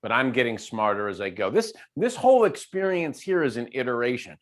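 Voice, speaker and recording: A man speaking as a guest speaker in a casual conversational interview, animated, often restarting and repeating words as he tells stories. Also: medium pitch, a little fast.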